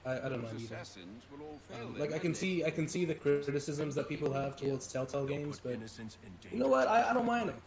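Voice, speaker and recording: A man's voice: on the high side, lively intonation, a little fast, a crowd in the background, low-quality recording. A man chatting casually on a gaming stream, rambling and swearing with many restarts.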